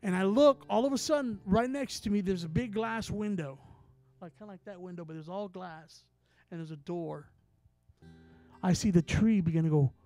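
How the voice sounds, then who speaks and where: Man, traveling minister, sermon storytelling, animated delivery, acts out the dialogue. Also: high voice, moderate pace, soft background music.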